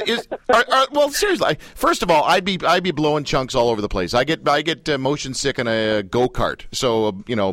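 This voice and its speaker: A man's voice: mid-range voice, no room sound. A man hosting an interview, joking around and stumbling over his own questions. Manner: jokey, animated, stumbling restarts. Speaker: host. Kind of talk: casual radio interview.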